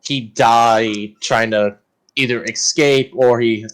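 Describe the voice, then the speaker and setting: A man sits in on a tabletop game, thinking through his schemes out loud at an easy pace. His voice sits in a plain middle register. He slips casually between table talk and speaking as his character. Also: mid-range voice, slow pace. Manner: relaxed, plotting out loud, drifting in and out of character. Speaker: player. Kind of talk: casual tabletop role-play chat.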